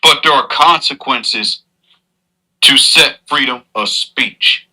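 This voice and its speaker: Man, very bright ringing voice, earnest, moralizing, lecturing streamer. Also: mid-range voice, slow pace, low-quality recording. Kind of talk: preachy advice monologue.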